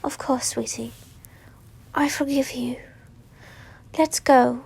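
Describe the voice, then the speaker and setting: A woman voicing a gentle, apologetic young man who comforts his fiancé, speaking softly and haltingly, often near a whisper. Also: sits high, steady tone, vocal fry, husky, heavily acted. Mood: tender.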